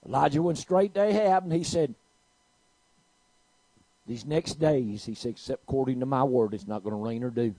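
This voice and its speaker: A man preaching a sermon, telling a story and swinging from quiet to loud. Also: mid-range voice, moderate pace, pauses often, no room sound, rough recording.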